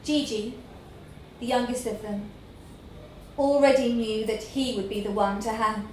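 A woman reading a literary story aloud in a slow, measured storytelling manner. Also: on the high side, fairly even intonation, a little mellow, a little hiss or hum. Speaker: narrator. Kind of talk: scripted narration of a literary story. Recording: echoey room with faint ambience.

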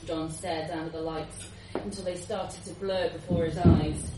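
A woman giving a lively, expressive live reading of a short story. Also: low voice, unhurried, hardly any pauses, background noise. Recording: roomy, distant live recording.

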